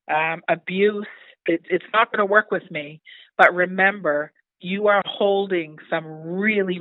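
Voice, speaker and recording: A woman's voice: fairly low pitch, dry recording. Older woman, town mayor, earnest and heartfelt, phone-line audio. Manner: earnest, heartfelt, with frequent restarts. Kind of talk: casual interview chat.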